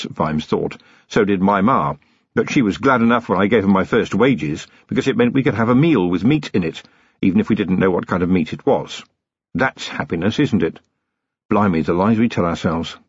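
A man narrating a novel as an audiobook, in an expressive, characterful storytelling way. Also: lowish voice, normal speed, slightly rough, no room sound. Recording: dull lo-fi close-miked recording.

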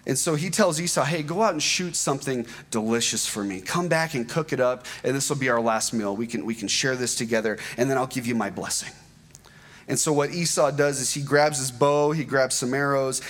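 A man giving a sermon, retelling a scripture story in a conversational, animated way with asides to the congregation. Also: medium pitch. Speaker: preacher.

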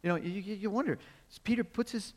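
A man with a high voice preaches quickly, in a conversational, story-driven way full of rhetorical questions and frequent chuckles. Long reverb from a large hall surrounds him.

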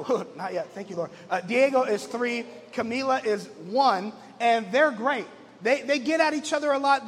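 Male pastor, 30s, high-pitched, casual storyteller; reverberant hall with faint music. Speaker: lead pastor. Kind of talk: conversational sermon. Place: church.

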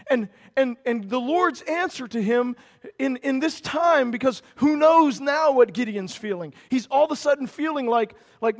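Very high-voiced man preaching earnestly. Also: unhurried. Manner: earnest, conversational preaching with emphatic stretches. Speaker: pastor. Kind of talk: sermon.

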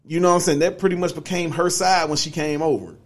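A man's voice: a little high, steady tone, quick pace. A young man on a podcast, casually telling a long personal story, laid-back, with lots of fillers. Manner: laid-back, many fillers like "you know what I'm saying". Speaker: podcast co-host.

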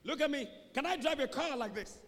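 A man preaching a sermon to a church, animated and dramatic, acting out little scenes and shouting for emphasis. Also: extremely high pitch, a little fast. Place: large church hall. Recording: long hall reverb.

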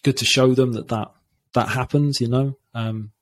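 Husky, reflective man telling a story. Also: medium pitch, steady tone. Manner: reflective, halting, many fillers and restarts. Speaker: podcast guest. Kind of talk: candid conversational storytelling.

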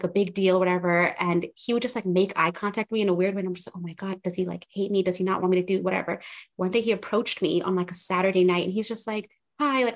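A young woman journalist telling her career story as a podcast guest, chatty with lots of fillers. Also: medium pitch. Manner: chatty, filler-heavy, animated retelling. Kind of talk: casual interview storytelling.

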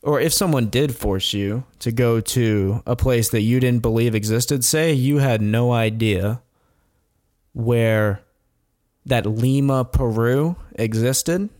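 A man's voice: mid-range voice, slow pace, darkish tone, dry recording. A man in his middle register spins a story in loose, rambling talk, chuckling often and dropping blunt, profane asides. The sound is dry and close, with no room around it. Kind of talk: casual storytelling chat.

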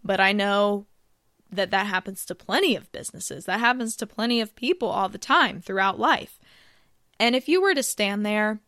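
A young woman talks through business advice in a relaxed, chatty way, sprinkling in casual filler phrases. Her voice is smooth and clear at a middle pitch. The recording is dry and close. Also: normal speed, no room sound. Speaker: podcast host.

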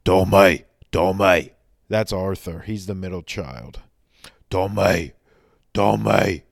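A man voicing a gruff adult gangster brother with a thick Birmingham accent, shouting and repeating himself. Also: low-pitched, slow, no echo, clean studio sound, full character voice.

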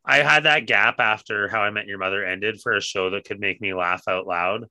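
A man's voice: on the low side, normal speed, bright, forceful tone, no echo. A man co-hosting a podcast in casual chat, swearing freely and laughing as he tells stories. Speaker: podcast co-host.

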